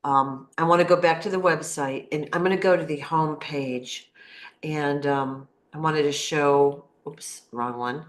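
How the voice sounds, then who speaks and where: A woman hosting a casual interview, often affirming her guest with a quick yeah. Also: deep voice, steady tone. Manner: affirming, with frequent yeahs. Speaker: interview host.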